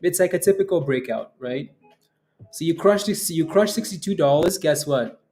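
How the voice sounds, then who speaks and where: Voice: mid-range voice, animated, normal speed, darkish tone, soft background music. A day-trading livestream host giving live market commentary, cheering a rising stock with repeated exclamations and often laughing while answering viewers' chat.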